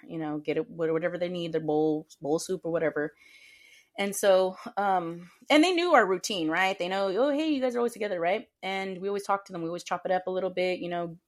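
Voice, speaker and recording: A woman co-hosting a podcast, telling a work story in casual chat, animated and acting out quoted voices with frequent laughter. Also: lowish voice. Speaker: podcast co-host.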